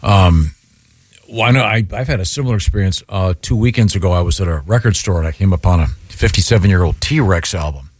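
A man's voice: deep voice, a little fast, dry recording. A man hosting a radio show, chatting and tossing to the news segment. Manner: lively, chatty. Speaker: radio host. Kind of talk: casual radio banter.

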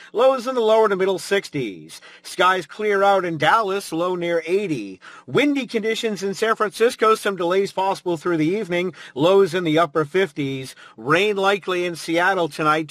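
A man reading a weather and travel forecast in a brisk, even way. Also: high-pitched, no room sound.

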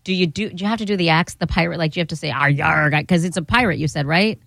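A woman's voice: fairly low pitch, rapid-fire, gravelly, no echo. A woman co-hosting a radio show, chatting casually with wry, playful questions. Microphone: studio microphone.

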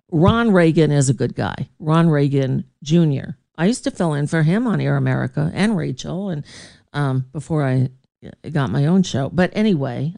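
A woman radio host tells a rambling story in an easy, unhurried way, laughing often between thoughts. Her voice sits a little low. The sound is dry and close, with no room around it. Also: vocal fry, mellow, no echo. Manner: chatty, digressive, laughing often. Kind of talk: casual storytelling to a live chat.

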